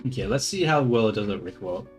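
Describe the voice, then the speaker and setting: Casual, rambling man with a low voice. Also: expressive, fast, soft background music. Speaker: streamer testing AI voices. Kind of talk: casual chat.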